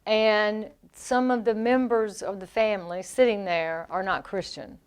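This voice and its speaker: A woman's voice: medium pitch, smooth. A woman with a Southern US accent co-hosting a radio show, chatting in a playful, talkative way. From American South. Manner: playful, talkative, quick asides. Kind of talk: casual radio chat.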